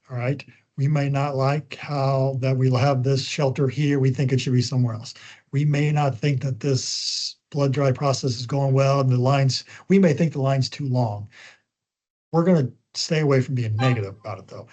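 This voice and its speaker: A man giving spokesperson training on a video call, talking quickly once he gets going, with frequent ums and uhs. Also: medium pitch, steady tone, a little mellow. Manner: talks fast when he gets going. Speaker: media trainer. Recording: dull lo-fi call audio.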